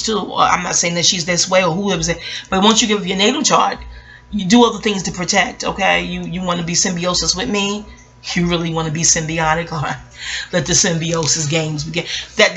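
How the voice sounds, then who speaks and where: Woman astrologer, casual monologue; bright tone, rambling, blunt, swears freely. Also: on the low side. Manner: rambling, digressive, blunt with profanity.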